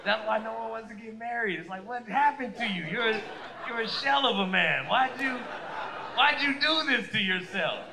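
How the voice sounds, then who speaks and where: A man in his thirties doing a profane, animated stand-up set, acting out voices of people he describes. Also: high voice, normal speed, creaky. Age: 30s. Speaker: stand-up comedian. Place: comedy stage before a live audience. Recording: roomy live venue with audience noise.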